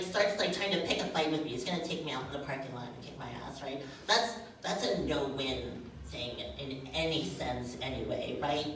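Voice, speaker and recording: A woman performing a stand-up comedy set on stage, chatty and animated, often checking in with "right?". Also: low voice. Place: comedy stage, live crowd. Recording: very echoey room, distant mic, noisy.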